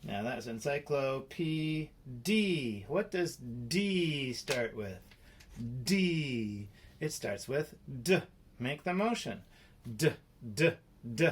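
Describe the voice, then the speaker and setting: Male phonics teacher, slightly high, slow and playful with kids. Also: lively intonation, slightly rough. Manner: slow, playful, sounding out letters. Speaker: spelling teacher. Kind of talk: children's phonics lesson.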